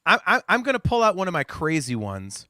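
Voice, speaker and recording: A man hosting a casual podcast chat, animated and teasing, often laughing. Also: high voice, a little fast, no room sound, studio quality. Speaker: podcast host.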